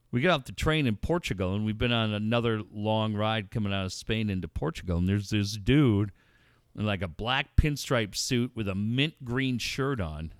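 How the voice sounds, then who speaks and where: A man's voice: on the low side, dry recording, studio quality. A middle-aged man telling a story in casual, profane podcast talk, acting out the voices of the people in it. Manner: profane, animated storyteller who acts out voices.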